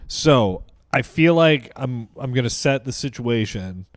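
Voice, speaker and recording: A man's voice: mid-range voice, expressive, a little slow, no room sound, clean studio sound. A man co-hosting a podcast, telling a story in a rambling, joking way. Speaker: podcast co-host. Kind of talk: casual chat.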